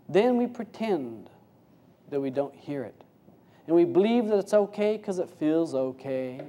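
A man teaching as a spiritual speaker in an informal sermon, folksy and full of rhetorical questions, swinging between hushed low passages and raised, quicker ones. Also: lively intonation.

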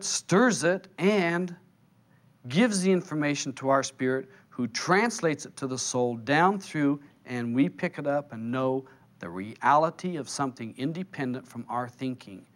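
A man teaching a spiritual seminar in a conversational, playful storytelling manner, slowing and drawing out words for emphasis. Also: a little high. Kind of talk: seminar sermon.

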